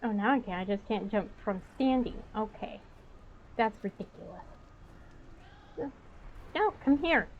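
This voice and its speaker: A woman's voice: mid-range voice, animated, a little slow, long pauses, phone-quality sound, a little hiss or hum. A woman streamer reading quest text aloud and chatting casually while playing a game. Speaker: gaming streamer.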